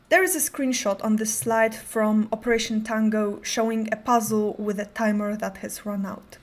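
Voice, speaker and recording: Higher-pitched woman giving a prepared talk. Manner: careful, controlled delivery with occasional stutters. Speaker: conference speaker.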